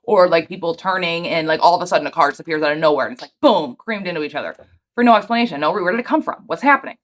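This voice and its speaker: A woman in her thirties giving a casual, chatty reaction commentary, full of fillers and quick asides. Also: fairly low pitch. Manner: chatty, filler-heavy, excitable. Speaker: host reacting to cryptid videos.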